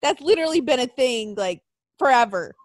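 Woman, young adult, casual chat, profane storyteller, high voice, dry close sound. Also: fairly quick, no room sound. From Arizona. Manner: profane, animated, mimics people in quotes.

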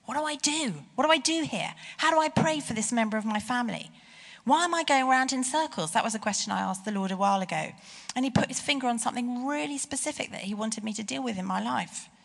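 A middle-aged woman preaching a sermon with personal stories, lively and emphatic on key phrases. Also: a little high, fast, gravelly. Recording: long hall reverb.

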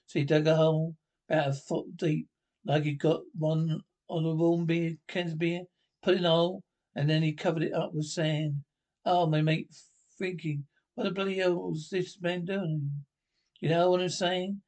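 An actor playing a chatty working-class bloke telling a rambling anecdote about a mate, in a sketch comedy show. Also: male voice, a little high, fairly even intonation, moderate pace, darkish tone, natural voice. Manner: rambling, casual, self-correcting storytelling.

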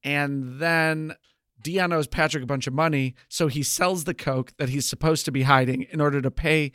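A man co-hosting a podcast, casually recapping a TV show with wry, sarcastic asides and drawn-out emphasis. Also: on the high side, fairly even intonation, fairly bright tone, clean tone, dry recording, studio quality. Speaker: podcast co-host. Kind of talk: casual chat reviewing a TV show.

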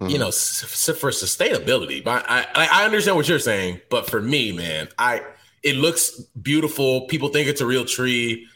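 Easygoing man with a bright, forceful voice. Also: mid-range voice, big pitch swings, moderate pace. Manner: easygoing, hesitant restarts, says "man". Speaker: podcast co-host. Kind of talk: casual podcast banter.

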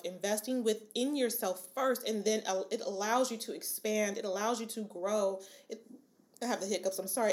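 A woman's voice: mid-range voice, a little mellow. A young adult woman hosting a solo podcast, chatting casually and rambling with asides to her listeners. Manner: frequent fillers and restarts, laughs often. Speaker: podcast host.

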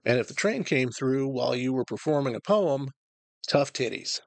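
A man's voice: medium pitch, moderate pace, vocal fry, no echo. A man hosting a podcast, talking casually about a poetry slam and a bit crude. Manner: conversational, relaxed, a bit crude. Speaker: podcast host. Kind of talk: casual storytelling.

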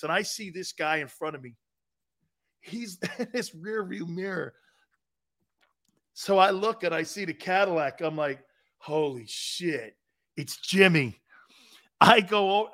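A man's voice: sits high, bright, forceful tone, dry recording, studio quality. A man in his fifties hosting a sports talk show, telling profane, laughing anecdotes in casual chat.

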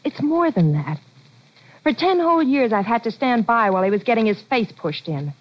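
An earnest boxer's wife, pleading, 1940s radio play, dull lo-fi recording. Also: female voice, on the high side, very animated, moderate pace. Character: anxious devoted wife of a boxer, former chorus girl.

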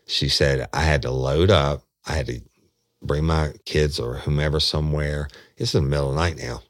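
A man's voice: a bass voice, fairly bright tone, no echo, studio quality. A man casually recounting a detective case, rambling off into road directions and swearing freely. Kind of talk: casual spoken storytelling.

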